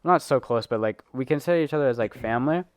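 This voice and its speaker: A man's voice: medium pitch, very fast, dry recording, studio quality. A teenage boy co-hosting a podcast, telling a long story in casual chat, rambling with lots of fillers and laughing as he goes. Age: teens. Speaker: podcast co-host.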